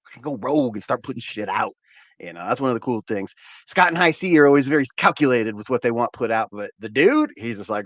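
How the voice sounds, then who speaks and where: A man's voice: mid-range voice, very animated, brisk, dry recording. A man hosting a cannabis channel, chatting casually with viewers in a laid-back, rambling way, often repeating words and swearing freely. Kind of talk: casual livestream chat with viewers.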